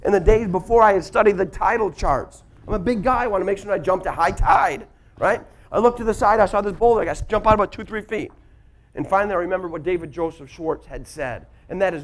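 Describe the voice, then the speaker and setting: A man's voice: high-pitched, fast talker. A man giving a motivational workshop talk to a live audience, telling stories and asking the audience questions. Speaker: motivational speaker.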